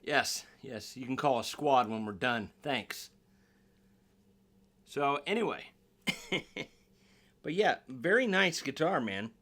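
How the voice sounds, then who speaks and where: A man's voice: mid-range voice, expressive, takes it slowly, pauses often, fairly bright tone, a little hiss or hum. A man reviewing a guitar in a casual unboxing vlog, rambling and joking at his own expense. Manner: rambling, self-deprecating, jokey.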